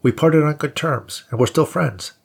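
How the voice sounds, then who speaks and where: A man's voice: fairly high pitch, normal speed, vocal fry, slightly rough, voice pushed up. A man voicing a defensive, evasive ex-boyfriend in an audiobook, with a whiny, protesting delivery. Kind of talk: audiobook character voice.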